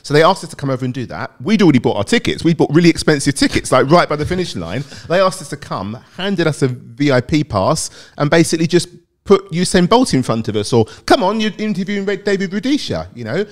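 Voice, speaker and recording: A man's voice: fairly high pitch, sing-song, quick pace. A British man, a guest on a show, telling rambling anecdotes in casual interview chat with frequent laughter. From Britain. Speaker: guest, athletics fan and content creator.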